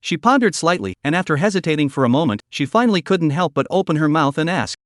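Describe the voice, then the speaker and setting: A synthetic male narrator reads a story recap fast, in an even, machine-like manner. His pitch is a bit high for a man, and the audio is dry and close with no room echo.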